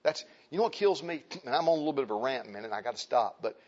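Male preacher, husky voice, emphatic and repetitive sermon delivery, dull lo-fi recording. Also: medium pitch, expressive, racing, darkish tone. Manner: emphatic, repeats phrases, turns to address the men and women in turn.

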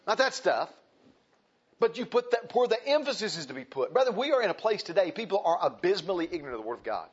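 A man's voice: sits high, big pitch swings, fast, husky, lo-fi sound. A man preaching a sermon to his congregation, emphatic and repeating his points, calling them brethren. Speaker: pastor.

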